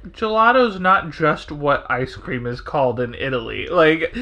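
A woman's voice: sits low, sing-song, unhurried, fairly bright tone, muffled recording. A woman chatting casually on a podcast, dry and understated, quibbling over details. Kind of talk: casual chat.

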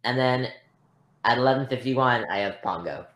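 A woman's voice: very deep voice, moderate pace, fairly bright tone. A woman co-hosting a podcast in casual chat, rambling and self-deprecating as she talks. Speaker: podcast co-host.

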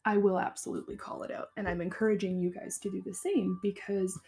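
A woman in her twenties hosting a casual solo podcast, impassioned and encouraging, swearing freely and dropping to a soft, slow whisper for tender asides. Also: medium pitch, little pitch movement. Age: 20s. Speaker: podcast host.

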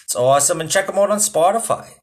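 A man's voice: sits high, fast talker. A man hosting a podcast, chatting casually with a loose, rambling delivery and frequent swearing. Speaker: podcast host. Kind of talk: profane casual podcast chat.

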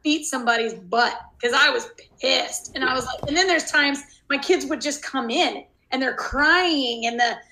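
Animated, bright-voiced woman telling stories. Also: high voice, normal speed, vocal fry, hardly any pauses, slight background noise. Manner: animated storytelling, acts out her own reactions. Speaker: teacher. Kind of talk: casual chat.

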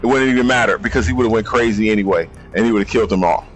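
A man's voice: lowish voice, racing, over music, poor audio. Blunt man repeating himself for emphasis. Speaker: podcast co-host. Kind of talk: casual movie chat.

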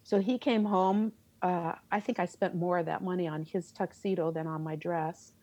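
Middle aged lady chatting in an interview, lively storyteller, super dry close mic. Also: on the low side, normal speed, dry recording, muffled recording. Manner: animated, laughs often and acts out her own reactions. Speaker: guest, theater teacher.

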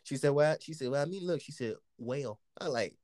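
A man telling a story in casual chat, animated and profane, laughing often and acting out what people said. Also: a little high, fairly quick, no room sound.

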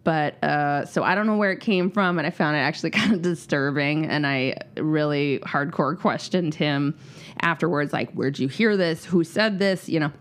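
Host, woman in her thirties, slightly low voice, animated storyteller who laughs often and swears casually. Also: moderate pace. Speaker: podcast host. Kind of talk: casual chat.

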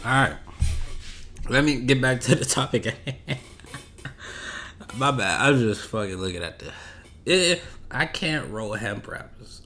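A man chatting alone on his podcast, loose and unhurried, full of slang and side tangents. His voice sits at an ordinary middle pitch, and his thoughts wander as he talks. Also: animated, pushed and bright. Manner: laid-back, rambling, slangy, drifts off topic. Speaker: podcast host. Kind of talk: casual solo podcast chat.

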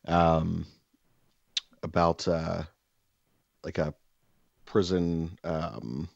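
A man co-hosting a podcast, telling stories in a casual, profane, exaggerated ranting way with loud bursts. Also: sits low, vocal fry, dry recording, dull audio. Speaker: podcast co-host. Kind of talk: casual storytelling chat.

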